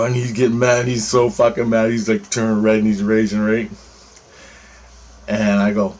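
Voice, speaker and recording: A man's voice: fairly low pitch, fairly even intonation, normal speed, pauses often, a little mellow. A man telling a story about a dream in a rambling, profane, casual way. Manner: rambling, profane, restarts phrases.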